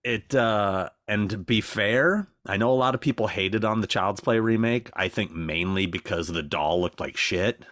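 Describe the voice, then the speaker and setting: A man's voice: on the low side, normal speed, few pauses, dry recording, studio quality. A man co-hosting a podcast, telling stories in a casual, profane way and acting out other people's voices. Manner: animated storytelling, profane, acts out voices. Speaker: podcast co-host. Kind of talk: casual chat.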